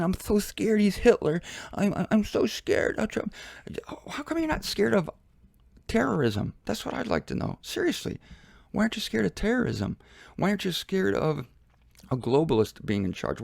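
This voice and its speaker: A man hosting his own show, giving a casual commentary from a laundry room in an animated, mocking way, swinging from low mutters to high exclamations. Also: creaky, no room sound, studio quality. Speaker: Bible teacher and show host. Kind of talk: casual self-filmed commentary.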